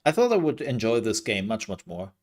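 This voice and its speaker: A man's voice: fairly low pitch, very animated, brisk. A man streaming live, giving casual commentary on game demos in a rambling, candid way with hesitant fillers.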